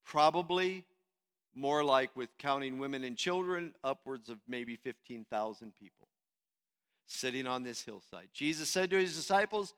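A male pastor preaching a sermon, swinging from hushed, low passages to loud, emphatic ones. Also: normal speed.

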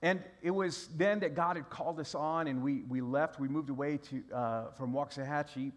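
A middle-aged pastor with a somewhat high voice preaches at a moderate pace, telling his sermon loosely like a story. His delivery is conversational, and he keeps restarting his sentences.

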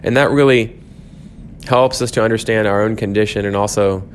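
A man's voice: lowish voice, steady tone, brisk, a little hiss or hum. A man teaching a church class, thinking aloud with frequent restarts and fillers.

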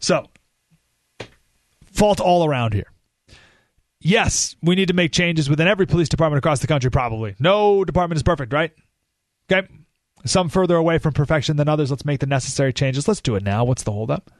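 A male radio host speaking into a studio microphone, his voice sitting a little high. He rants emphatically and drops sarcastic asides. The sound is dry and close. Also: expressive, a little fast, long pauses, no room sound. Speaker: radio talk show host. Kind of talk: political talk radio monologue.

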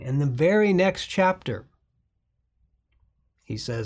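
Husky, gravelly-voiced preaching man. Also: mid-range voice, normal speed, a little mellow. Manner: earnest, conversational preaching with frequent fillers and restarts. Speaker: pastor. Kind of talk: sermon.

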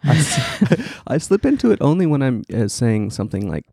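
Gravelly, lively-voiced podcast host. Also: male voice, a little high, no echo. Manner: halting, giggly. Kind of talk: casual podcast chat.

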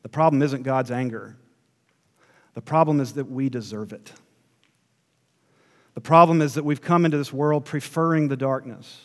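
A man preaching a sermon as pastor, swinging between hushed asides and emphatic, rising passages. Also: mid-range voice, in a large hall.

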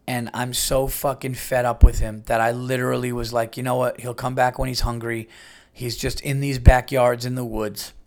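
A man in his late thirties hosts a casual talk show, rambling through stories with plenty of swearing. His pitch sits in the middle of the range. He jumps into higher, louder voices whenever he quotes someone. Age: late 30s. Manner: animated, profane, acts out quotes in raised voices. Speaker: podcast host. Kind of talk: casual storytelling monologue.

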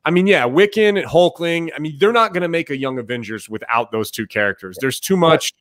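A man's voice: fairly high pitch, animated, brisk, a bit bright, no echo, clean studio sound. Man explaining comic lore casually. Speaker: podcast co-host. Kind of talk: casual chat about comics.

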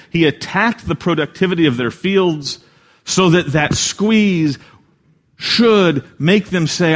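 A man preaching a sermon in an earnest way, swelling louder for emphasis and dropping soft at key lines. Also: fairly high pitch. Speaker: pastor.

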